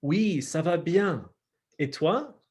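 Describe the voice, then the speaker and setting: A man's voice: a little high, expressive, takes it slowly, darkish tone, pitched above the performer's own voice. A man reading a young French man's lines from a textbook dialogue in his own voice. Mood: friendly. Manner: plain read-aloud.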